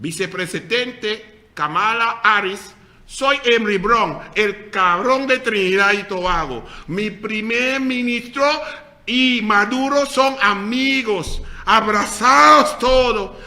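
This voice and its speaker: A man's voice: sits high, unhurried, sharp tone, full character voice. A man putting on a blustering male politician speaking mock-Spanish, boastful and drawn out.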